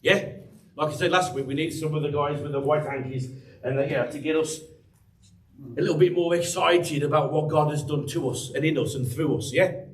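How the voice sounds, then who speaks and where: A man's voice: a little high, steady tone, a little fast, roomy sound, far from the mic, slight background noise, poor audio. An English man preaching a sermon as pastor, chatty and teasing the congregation by name. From England. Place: church hall.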